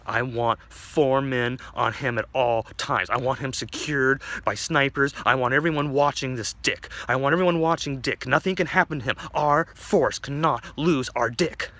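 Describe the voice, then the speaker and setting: A man voicing a commanding male police commissioner in a told story, giving slow, forceful orders. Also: mid-range voice, pitched above the performer's own voice, natural voice.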